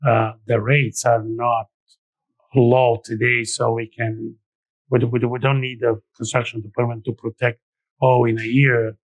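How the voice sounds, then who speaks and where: A man's voice: medium pitch, little pitch movement, unhurried, no room sound, low-quality recording. Dry-sounding man explaining loans. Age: middle-aged. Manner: explains step by step with frequent restarts. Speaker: lending expert guest. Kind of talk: conversational podcast interview.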